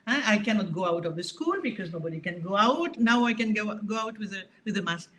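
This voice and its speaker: A woman with a French accent, a harp teacher speaking in a casual interview, talking in an animated, emphatic way with frequent restarts. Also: medium pitch, fairly quick.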